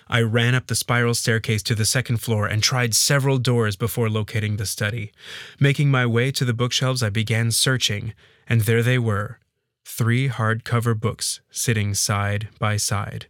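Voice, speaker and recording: A man narrating a first-person audiobook story in a steady storytelling read. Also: medium pitch, moderate pace, no echo, studio quality.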